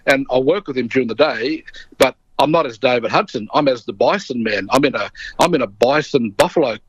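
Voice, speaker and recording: A man's voice: medium pitch, brisk, breathy edge, dry recording, rough recording. A middle-aged Australian man telling an anecdote as an interview guest, acting out the voices of the people in his story.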